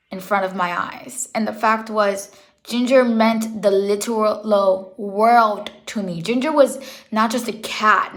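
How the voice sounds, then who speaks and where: A woman's voice: mid-range voice, a bit bright. A young woman talking casually in a vlog, earnest and rambling, correcting herself as she goes, emotional and holding back tears. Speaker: pet vlogger.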